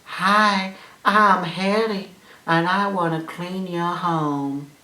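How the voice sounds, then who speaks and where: A perky little household vacuum cleaner speaks as a girl, put on by a man in a high, squeaky falsetto. The voice is recorded with a roomy echo. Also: fairly even intonation, slow, sharp tone, full character voice. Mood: chirpy. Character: cheery female vacuum cleaner, childlike.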